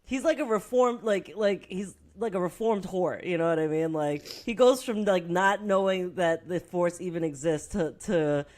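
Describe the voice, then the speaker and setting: A woman's voice: on the low side, moderate pace, hardly any pauses, darkish tone. Rambling, laughing young woman podcaster. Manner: rambling, laughing storyteller with constant "like" fillers and swearing. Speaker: podcast co-host. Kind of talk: casual movie-review chat.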